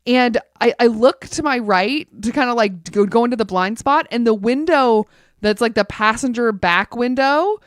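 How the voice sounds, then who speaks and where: A woman in casual podcast chat, telling an animated story full of "like" fillers. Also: a little high, moderate pace, no echo, clean studio sound.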